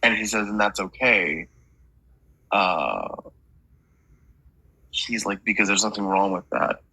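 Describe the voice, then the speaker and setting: Bright, husky man giving a reading. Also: fairly low pitch, takes it slowly, no room sound, rough recording. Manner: chatty relaying of quotes, frequent "he's like", laughs. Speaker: medium. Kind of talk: private mediumship reading.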